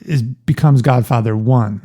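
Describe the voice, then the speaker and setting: A man's voice: mid-range voice, measured pace, dark tone. A man co-hosting a casual podcast, joking around and laughing often. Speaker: podcast co-host.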